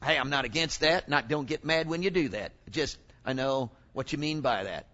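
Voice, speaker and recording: Man, preacher, animated sermon, bright voice, muffled recording. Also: mid-range voice, normal speed. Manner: animated, exclaims and asks the congregation questions.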